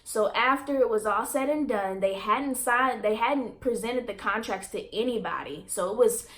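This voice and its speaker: A woman's voice: fairly high pitch, moderate pace, fairly bright tone. A young woman vlogger earnestly telling a personal story to her viewers and addressing them as y'all.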